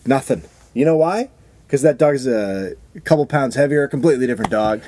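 A man co-hosting a comedy podcast, telling a story in crude casual banter and mimicking other people's voices with sudden high jumps. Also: lively intonation, brisk, warm tone. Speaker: podcast co-host.

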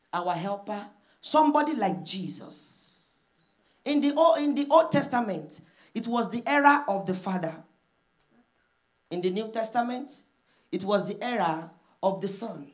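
A woman preaching a sermon, repeating points emphatically and acting out quoted prayers. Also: mid-range voice. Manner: emphatic repetition with call-and-response; acts out prayers in quoted voices.

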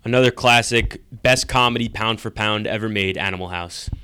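Smooth-voiced man co-hosting a casual podcast. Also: on the low side, normal speed, bright, forceful tone, no echo. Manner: rambling, laughs while telling stories. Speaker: podcast co-host. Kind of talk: casual chat.

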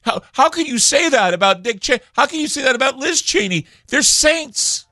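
A man putting on a high, outraged voice to mimic a scolding listener. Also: expressive, moderate pace, bright, forceful tone, no echo, studio quality, exaggerated voice. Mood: indignant. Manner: outraged, mocking. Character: shrill indignant male listener scolding the host.

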